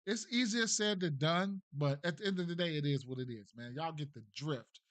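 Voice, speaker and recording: A slightly high-voiced man talks through bets in a loose, slangy way, repeating himself and tagging lines with "right?". He sounds close to the mic with no room sound around him. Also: normal speed, fairly bright tone, no room sound. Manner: thinks aloud, trails off and restarts. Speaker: sports betting host. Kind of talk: casual betting breakdown.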